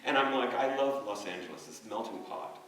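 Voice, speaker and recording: A man's voice: medium pitch, animated, brisk, slight background noise. Rambling man in an echoey hall. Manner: rambling, hesitant, anecdotal with frequent fillers. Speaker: neighbor giving a eulogy. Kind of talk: memorial speech. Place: church memorial service. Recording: echoey hall, distant mic, soft music.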